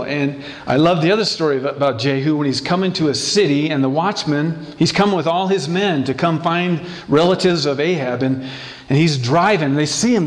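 A man preaching a sermon as pastor, passionate and animated, acting out quoted lines playfully. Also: fairly high pitch. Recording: echoey room.

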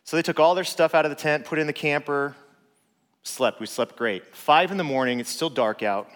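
A man, a father, telling a personal story in a relaxed, conversational way with lots of filler words. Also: on the high side, brisk. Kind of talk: casual storytelling. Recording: long reverb.

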